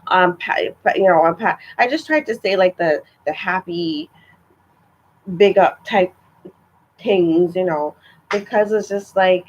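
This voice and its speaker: Young woman ranting casually on her vlog, kinda husky, a bit muffled sound. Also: fairly low pitch, a little slow. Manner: chatty, exasperated, many fillers. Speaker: vlogger. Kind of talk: casual storytelling rant.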